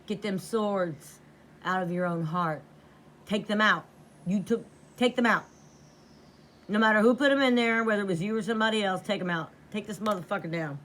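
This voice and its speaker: A woman's voice: mid-range voice, normal speed, a bit bright, a little hiss or hum. A woman giving a tarot reading to camera, blunt and profane, repeating lines for emphasis. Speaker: tarot reader.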